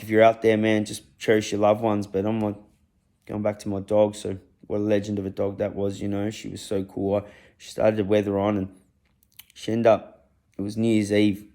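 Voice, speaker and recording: A man's voice: sits low, mellow. A young man telling a raw personal story, blunt and rambling, swearing freely.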